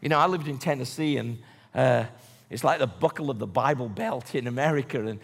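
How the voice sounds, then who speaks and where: A man's voice: medium pitch, brisk, creaky. A man preaching a conversational sermon to a large congregation, often asking rhetorical questions. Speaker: pastor. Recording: long church hall reverb.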